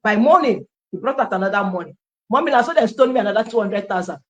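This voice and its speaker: A Nigerian woman telling her personal story in an animated testimony style, acting out dialogue and slipping into Pidgin phrases. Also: medium pitch, fast, rough recording.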